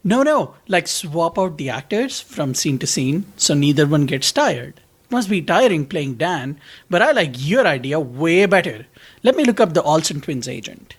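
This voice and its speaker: A man co-hosting a podcast, cracking deadpan jokes and using mock-grand phrasing. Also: a little high, normal speed, husky. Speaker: podcast host. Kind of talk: casual podcast chat.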